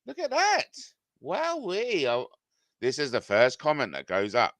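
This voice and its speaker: A middle-aged man reads viewer comments aloud and argues back at them, swearing and getting worked up. His voice sits a touch high and sounds sharp and bright. It is recorded close and completely dry. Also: huge pitch swings, a little slow, no echo. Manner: agitated, swearing, voice climbs when confronted. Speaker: YouTuber reading comments. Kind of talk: ranting reaction to viewer comments.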